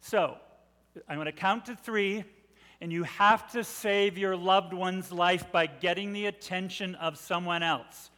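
A middle-aged male preacher with a high voice delivers a sermon as dramatic storytelling. He drops to near-hushed tones, then swells to loud. His voice rings with the long reverb of a big hall. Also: a little slow.

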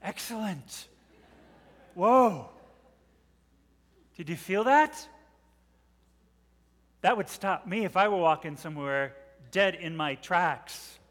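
Middle aged guy preaching, dramatic storyteller, goes quiet then loud, big echoey hall sound. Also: high voice, slow, long pauses. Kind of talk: sermon. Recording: long reverb of a large hall.

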